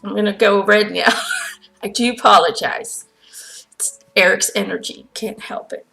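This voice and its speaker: A woman's voice: mid-range voice, steady tone, measured pace, vocal fry, bright, forceful tone, faint music behind, low-quality recording. A woman medium answering follower questions in a chatty, giggly way, relaying a spirit's words. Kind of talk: casual channeled Q&A monologue.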